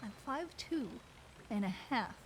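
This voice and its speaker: A woman livestreaming a role-play game, chatting casually and excitably, swearing freely as she goes. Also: fairly high pitch, a little slow, background noise.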